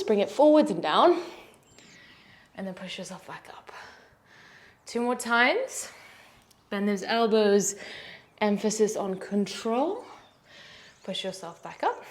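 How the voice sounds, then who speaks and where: Unhurried woman cueing a yoga class. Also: mid-range voice. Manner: calm, encouraging cues, counting holds aloud. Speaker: yoga instructor.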